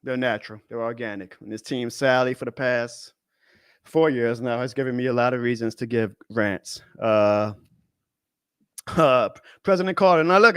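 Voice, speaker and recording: Male stream host, high voice, heated profane rant, dead-dry sound. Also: clean tone, no echo. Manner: profane, heated ranting, swings to shouting. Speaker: fan show host.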